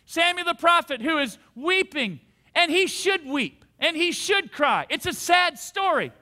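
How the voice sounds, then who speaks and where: High, bright-voiced preaching man. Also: sing-song, a little slow. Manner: fervent preaching with call-and-response. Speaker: pastor. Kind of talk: sermon. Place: church service.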